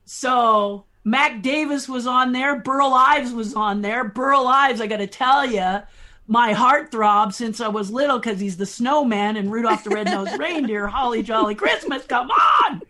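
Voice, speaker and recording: Animated storytelling woman, higher voice. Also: unhurried. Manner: animated, laughs often, lively anecdotes. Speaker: podcast guest, puppeteer. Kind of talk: storytelling chat.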